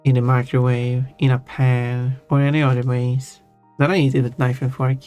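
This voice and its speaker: Streamer guy, mid-pitched, halting casual chat with viewers, soft music behind. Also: little pitch movement. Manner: halting, restarts often, chuckles while answering chat. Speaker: livestream host. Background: faint background music.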